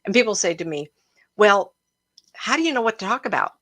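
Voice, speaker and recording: A woman psychic medium hosting a livestream, telling stories in an emotional, animated way and often breaking into laughter. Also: mid-range voice, a little fast. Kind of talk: casual livestream storytelling.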